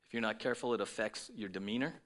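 A man's voice: lowish voice, rapid-fire, fairly bright tone. A man preaching a sermon to his congregation, in a conversational style with frequent "right?" asides. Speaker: pastor.

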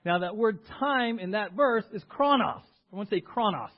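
A man preaching with a high, bright-pitched voice, swinging between loud emphatic words and quieter asides. He keeps calling on the congregation to repeat key words back to him. The recording sounds dull and lo-fi, like an old church sermon tape. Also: animated, normal speed. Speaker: pastor.

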